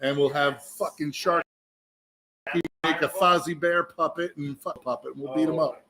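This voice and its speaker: A profane, energetic man telling a story. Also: on the high side, normal speed. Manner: profane, energetic storyteller who acts out other voices. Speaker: musician guest. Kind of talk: animated storytelling. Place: indoor meadery bar.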